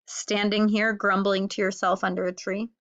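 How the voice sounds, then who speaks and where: A woman's voice: mid-range voice, little pitch movement, normal speed, fairly bright tone, dull audio, lightly acted. A woman voicing a small, cheerful, curious male bird in a read-aloud animal story, in a chirpy, raised voice. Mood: teasing.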